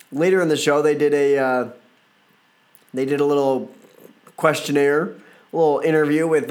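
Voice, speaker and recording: Slightly hoarse, chatty man host. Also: on the high side, steady tone, normal speed, pauses often, a little mellow. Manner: chatty, loose, playful asides. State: slightly hoarse, froggy throat. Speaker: podcast host. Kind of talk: casual wrestling reaction talk.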